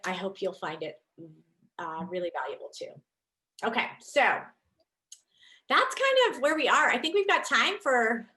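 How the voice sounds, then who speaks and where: A woman in her thirties, a leadership coach, giving an enthusiastic, chatty online presentation over a video call. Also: fairly high pitch. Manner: lively, enthusiastic, chatty with many fillers.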